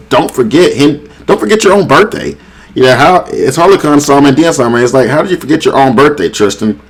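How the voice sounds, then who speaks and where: Casual man rambling through a recap. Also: mid-range voice. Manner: rambling, reads character lines aloud with filler words. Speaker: manga reviewer.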